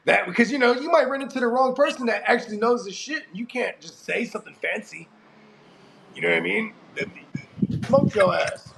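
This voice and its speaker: A man's voice: high voice, fairly quick, creaky, crowd noise. A man in his forties co-hosting a casual chat, rambling and profane, laughing often, with a cold. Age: 40s. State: has a cold. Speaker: podcast co-host.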